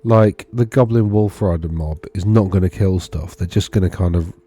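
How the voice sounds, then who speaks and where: Low-voiced man musing aloud. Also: normal speed, warm tone, slightly rough. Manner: rambling, thinking aloud, self-correcting. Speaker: wargaming video host. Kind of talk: casual screen-share commentary.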